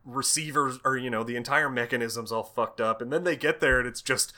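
A man co-hosting a podcast, animated and laughing often as he acts out characters' lines in casual chat. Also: mid-range voice, fairly quick. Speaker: podcast co-host. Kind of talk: casual chat, retelling a story.

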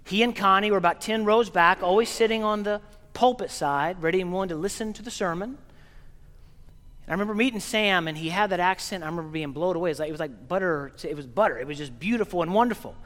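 A priest from Oklahoma giving an earnest, gently paced funeral sermon in a large church. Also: male voice, sits high, quick pace. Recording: long reverb of a church hall.

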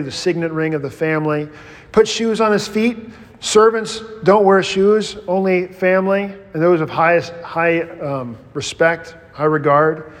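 A man, a pastor, teaching a Bible study in a conversational, animated way, often restarting his sentences. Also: fairly high pitch. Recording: long hall reverb.

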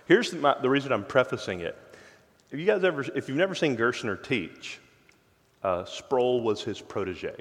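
Emphatic pastor in a reverberant hall. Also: male voice, medium pitch, expressive. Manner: emphatic, shifts between soft slow stresses and loud quick asides. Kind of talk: sermon. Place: church sanctuary. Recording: long church hall reverb.

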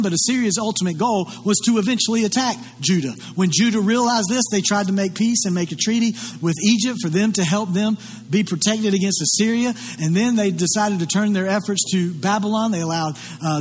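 A male pastor preaching a sermon in an earnest, conversational way. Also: high voice. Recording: long hall reverb, faint hum.

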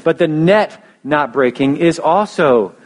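A man's voice: on the high side, lively intonation, slow. A young man preaching a sermon in a casual storytelling way, often restarting phrases and adding fillers. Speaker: pastor.

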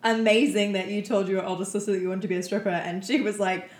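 A woman's voice: medium pitch, flat delivery, fast talker. A woman co-hosting a podcast in casual chat, teasing and laughing. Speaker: podcast co-host. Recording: echoey room.

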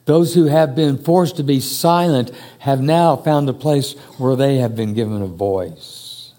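A man preaching a sermon to a church congregation, speaking slowly and emphatically with long pauses. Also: mid-range voice, dark tone. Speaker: pastor. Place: church hall. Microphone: handheld or stand mic.

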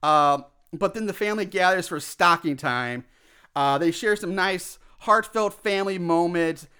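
Male podcast co-host, bright and crisp, rambling animated plot recap. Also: sits high, measured pace. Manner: rambling, animated retelling with quoted asides. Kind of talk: casual chat.

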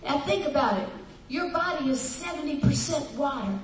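Recorded at a distance in a reverberant church hall, this woman pastor speaks at a normal pace in a high-pitched, expressive voice. Her preaching is homespun and story-driven, punctuated by her laughter and by answers from the congregation around her.

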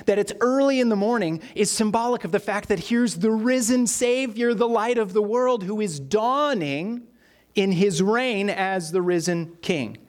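A male pastor, delivering a sermon. His voice sits a little higher than most men's. He tells stories and acts out the quotes along the way. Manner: storytelling with acted-out quotes.

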